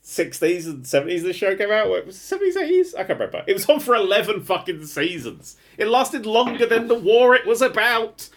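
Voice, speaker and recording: A man's voice: sits high, very animated, a little fast, few pauses, fairly bright tone, a little hiss or hum. A man co-hosting a podcast in casual, sweary chat, laughing often. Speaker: podcast co-host.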